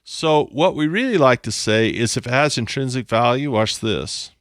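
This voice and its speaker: A man's voice: medium pitch, animated, normal speed, no echo, clean studio sound. A man teaching a lesson at a board, playful and self-mocking, often repeating his phrases. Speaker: instructor. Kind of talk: explaining on a whiteboard.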